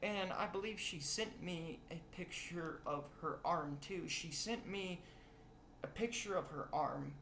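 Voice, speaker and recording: A young man talks slowly through a confessional rant, rambling and swearing as the feeling spills over. His voice is bright and edged. The room around him echoes. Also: on the high side, slight background noise. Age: young adult. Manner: rambling, profane, emotional. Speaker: vlogger.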